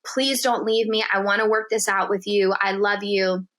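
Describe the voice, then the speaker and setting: A woman guest on a podcast telling a story in casual chat, animated and profane, acting out the quotes in dialogue. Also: medium pitch, normal speed.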